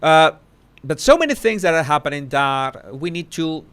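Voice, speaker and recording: A man hosting a casual live commentary, talking haltingly with many restarts and self-corrections. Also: on the high side, big pitch swings, fairly bright tone, smooth. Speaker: social commentary host.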